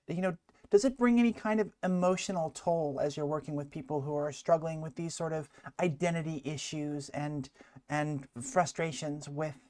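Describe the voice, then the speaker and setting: A woman hosting a talk show, interviewing her guest in a relaxed conversational way, and often restarting her sentences. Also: low voice. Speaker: show host.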